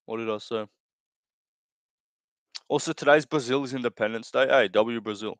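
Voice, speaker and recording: A man's voice: medium pitch, moderate pace, pauses often, dry recording. A young man hosting a live stream, reading chat aloud in casual commentary, rambling through crude jokes, laughing often and correcting himself. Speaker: livestream host.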